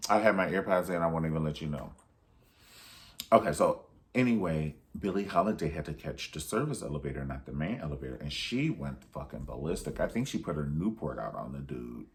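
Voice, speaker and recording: A man's voice: extremely low pitch, expressive, brisk. A man recapping a film in a sassy, profane, theatrical way. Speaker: film reviewer. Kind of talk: casual movie recap.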